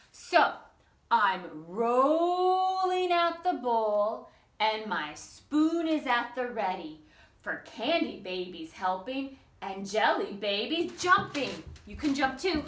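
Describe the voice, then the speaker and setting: Slow sing-song woman reading to children. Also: on the high side, big pitch swings, fairly bright tone. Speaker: library storytime reader. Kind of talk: reading a picture book aloud to young children. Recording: echoey room, mic at a distance.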